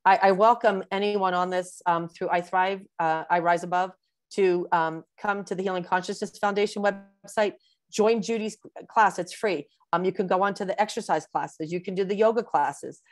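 A woman in her sixties, a physician being interviewed in a webinar, explaining at length in a warm, rambling way with many fillers. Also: lowish voice, fairly even intonation, normal speed, no echo. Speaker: breast cancer physician, guest.

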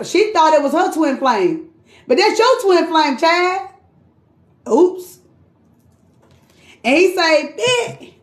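High-voiced swearing tarot reader, echoey room. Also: female voice. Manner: chatty, blunt, swears freely, calls listener queen and sis. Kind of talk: casual live tarot reading.

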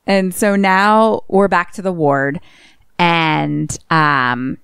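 Low-voiced woman, animated retelling. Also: extremely slow, vocal fry, smooth, no echo, studio quality. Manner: animated retelling, acting out characters' lines. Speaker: podcast co-host retelling a film. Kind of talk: casual chat.

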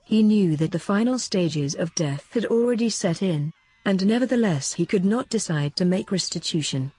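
A woman narrating an audiobook in a steady, formal reading style. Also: on the low side, normal speed, husky, no room sound. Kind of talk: scripted narration.

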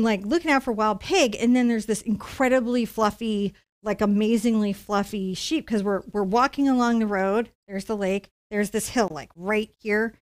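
A middle-aged woman teaching a live painting lesson, telling a story in a chatty, animated way and laughing often. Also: mid-range voice. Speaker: painting instructor.

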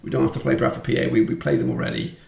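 A man commentating on his football management game, chatty and quick to swear when frustrated. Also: on the low side, very animated, creaky, darkish tone, reverberant, a little hiss or hum. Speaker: gaming YouTuber. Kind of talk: let's-play commentary.

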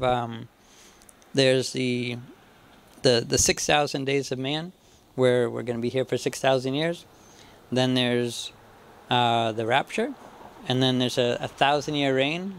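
Male Bible teacher, informal and halting, resonant with some vocal fry. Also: mid-range voice. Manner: halting, restarts often, chuckles to himself. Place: church.

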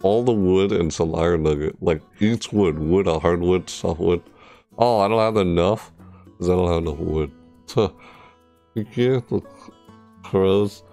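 A man streaming a game, chatting casually and rambling with jokes, sometimes breaking into loud high squeals. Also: measured pace, faint music behind. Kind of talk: casual gameplay commentary.

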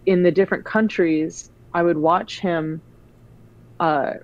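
A woman with a low voice chats casually, rambling through stories with plenty of "like" and restarts. Her audio sounds a little dull and lo-fi, like a call recording. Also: slow. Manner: rambling, animated storyteller. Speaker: guest. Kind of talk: casual chat.

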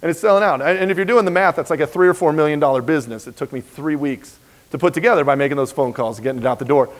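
A man lectures in a lecture hall with a slightly high-pitched voice, telling a business story. He is emphatic and animated and acts out the conversations he quotes. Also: very fast. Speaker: business speaker giving a university lecture.

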